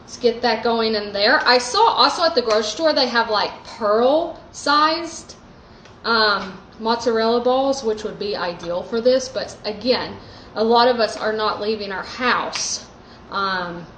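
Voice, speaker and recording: A woman hosting a live cooking demo from her home kitchen, chatty and relaxed, with lots of fillers. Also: a little high, roomy sound, a little hiss or hum, rough recording. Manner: chatty, lots of likes and ums. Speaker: host. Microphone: phone live stream.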